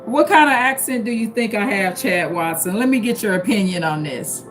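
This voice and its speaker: A woman's voice: mid-range voice, expressive, normal speed, low-quality recording. Woman with a st. louis accent, middle-aged, live-stream host, chatty, faint music behind. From St. Louis, Missouri. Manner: chatty, repeats herself, addresses viewers by name. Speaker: livestream host. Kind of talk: casual live-stream chat with viewers.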